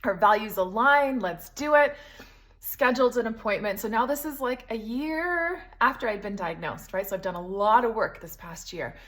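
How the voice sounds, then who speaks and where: A young woman with a fairly high voice talks straight to camera in a loose, storytelling way. She retells conversations with lively quoting and waves off details with a quick "da, da, da.". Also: low-quality recording. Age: young adult. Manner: animated retelling, brushing off details with "da, da, da". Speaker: health vlogger. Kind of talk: casual storytelling monologue.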